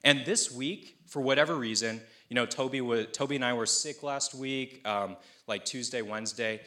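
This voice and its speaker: A young pastor delivers his sermon with a bright, forward tone. He talks conversationally and tells stories with energy. He voices the people he quotes with playful asides. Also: mid-range voice, moderate pace.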